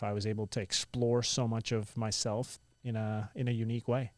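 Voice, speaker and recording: A young man from India who now speaks with an American accent, telling stories as a guest in a casual interview, animated and full of "like". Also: lowish voice, normal speed, no echo. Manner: animated, lots of "like" and "I was like" quotes.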